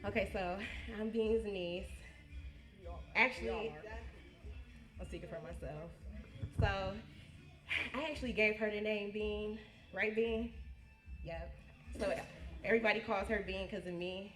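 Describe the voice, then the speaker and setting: A woman speaking at a family birthday party as the honoree's niece, halting and emotional, often restarting her sentences. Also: medium pitch, steady tone, fairly bright tone, faint music behind. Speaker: niece giving a birthday tribute. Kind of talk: heartfelt casual speech. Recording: echoey room.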